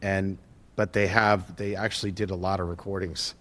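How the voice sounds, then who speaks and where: A man, a tech entrepreneur, speaking as a podcast guest, telling stories with lively acted-out quotes and frequent restarts. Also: deep voice, moderate pace. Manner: animated, acts out quoted dialogue, frequent restarts. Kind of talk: conversational storytelling.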